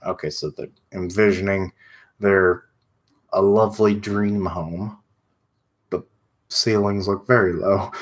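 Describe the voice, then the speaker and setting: A man's voice: low-pitched, level tone, takes it slowly, pauses often. A man streaming live, reading a comic's dialogue aloud in a plain voice and breaking off for casual asides. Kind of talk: live read-aloud with reactions.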